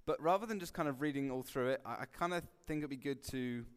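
A man giving a relaxed, conversational sermon, joking and acting out quotes with sudden loud bursts. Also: medium pitch, fast, smooth. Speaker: preacher. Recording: long hall reverb.

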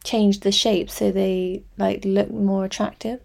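A woman's voice: medium pitch, level tone, unhurried, gravelly, a little mellow. A woman voicing a flippant, defensive younger sister with a breezy, teasing way of talking.

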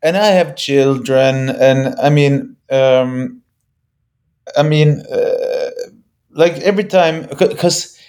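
A man, a musician guest on a podcast, talking casually with halting restarts and some swearing. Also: mid-range voice, a little mellow. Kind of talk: casual interview chat.

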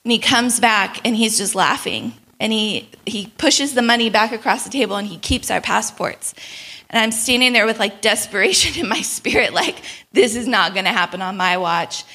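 A young woman telling a travel story in a sermon, animated and laughing often as she acts out the people in it. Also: fairly high pitch, moderate pace, husky. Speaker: speaker at a church gathering.

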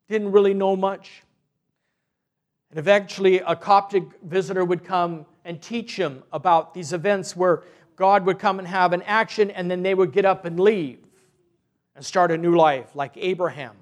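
A male parish priest preaching a sermon, retelling a story in an earnest, unhurried way with frequent restarts. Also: sits high.

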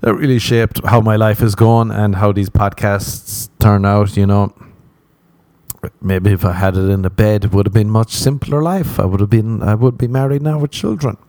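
A man's voice: lowish voice, fairly even intonation, normal speed, a little mellow, no echo. An Irish man hosting a podcast, rambling through a comic monologue and swearing freely, with a self-mocking manner. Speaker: podcast host.

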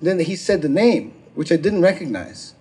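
A man doing stand-up, telling a long profane story and acting out the people in it, with shouted quotes. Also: fairly high pitch, big pitch swings, normal speed, husky. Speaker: stand-up comedian. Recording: live crowd laughter. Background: audience laughter.

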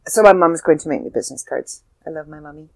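A woman's voice: low-pitched, fast, vocal fry, no echo, low-quality recording. An older woman, an author, telling a heartfelt personal story in a casual, rambling way with fillers and restarts.

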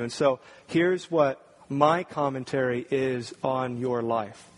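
A man's voice: medium pitch, normal speed. A man preaching a sermon, earnest and building to emphatic points. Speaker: pastor.

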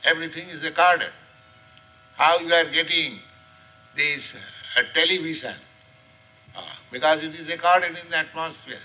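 An older man with an Indian accent giving a scripture class lecture, speaking slowly and deliberately with many pauses and fillers. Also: a little high, fairly even intonation, bright, forceful tone, rough recording. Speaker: spiritual teacher. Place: class room.

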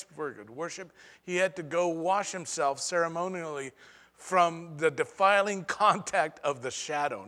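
A man preaching a sermon as pastor, with dramatic pauses and sudden swings between soft and loud delivery. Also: a little high, in a large hall.

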